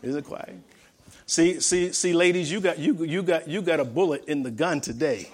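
Male pastor, sermon delivery, slightly high voice, repeats lines for emphasis. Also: normal speed, music in the background, crowd noise.

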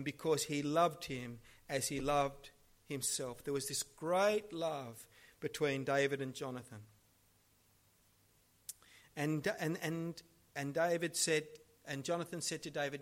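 A male preacher delivering a sermon as lively storytelling that swings between hushed and loud. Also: fairly high pitch. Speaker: pastor.

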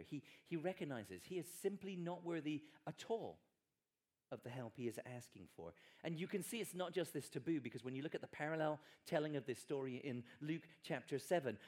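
A man's voice: a little high, darkish tone. A man preaching a sermon in a conversational, emphatic way with wry asides.

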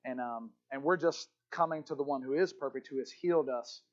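A male pastor preaching a sermon, telling a story with passion and moving from hushed lines to shouts. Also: medium pitch, a little fast, dull audio.

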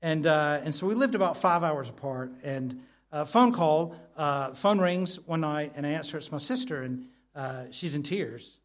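A man preaching a sermon, telling a personal story in a conversational way, dropping softly on his key lines. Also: on the high side, animated, normal speed. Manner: storytelling, soft intimate drops at key lines; frequent fillers and restarts, conversational.

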